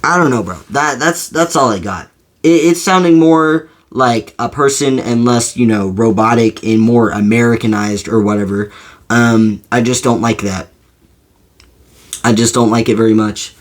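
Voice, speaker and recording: A man talks through his opinion in a loose, unscripted way. His delivery is slow and halting, full of fillers and false starts. His voice sits at an ordinary middle pitch. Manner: rambling, full of fillers and restarts. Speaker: video creator. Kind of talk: casual opinion monologue.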